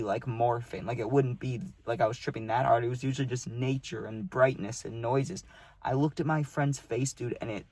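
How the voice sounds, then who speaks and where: A man's voice: mid-range voice, darkish tone, dry recording. A young man telling a personal story to his viewers in a casual, slangy way, often saying "dude". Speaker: vlogger.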